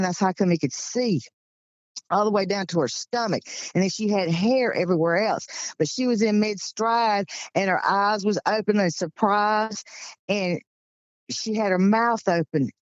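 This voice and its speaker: A woman's voice: mid-range voice, dry recording, dull audio. Folksy Southern woman in her sixties. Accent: Southern US, Georgia. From Georgia, USA. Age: 60s. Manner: chatty, rambling, folksy storyteller. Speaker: guest recounting encounters. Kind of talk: casual storytelling.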